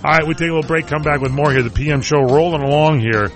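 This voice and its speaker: A man's voice: on the high side, steady tone, fast, soft background music. A man hosting a talk radio show, chatting casually and joking about entertainment news. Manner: wisecracking, rambling.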